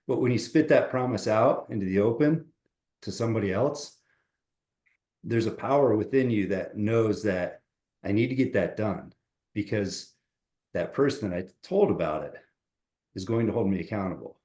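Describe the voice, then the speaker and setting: A man's voice: on the low side, animated, normal speed, pauses often, roomy sound. A man speaking as a motivational coach on a podcast, upbeat and encouraging, giving advice in a casual chat over a remote call. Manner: upbeat, counts push-ups loudly and out of breath.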